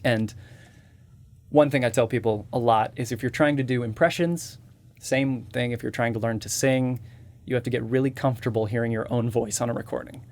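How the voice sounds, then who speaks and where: A man's voice: medium pitch, steady tone, fairly quick. A man with a slightly nasal voice, a voice actor and impressionist guest explaining his techniques step by step in casual interview chat.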